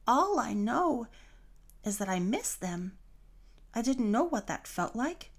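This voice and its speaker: A woman voicing a forgetful, eager young female fish in a storybook read-along, pitched high and pleading. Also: very animated, slow, heavily acted.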